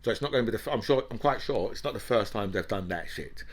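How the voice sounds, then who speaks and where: A man's voice: on the low side, lively intonation, quick pace. A man, hosting an opinionated commentary monologue in a heated, ranting way, often checking in with "right?" and "you know". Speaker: political commentator and host.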